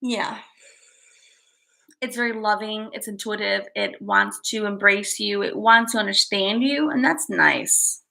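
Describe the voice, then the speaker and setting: A woman's voice: mid-range voice, a little slow, creaky, sharp tone, low-quality recording. A woman vlogging casually to the camera, rambling and conversational, often tagging on "you know" and "okay?" and calling her viewers "guys". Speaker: astrology vlogger.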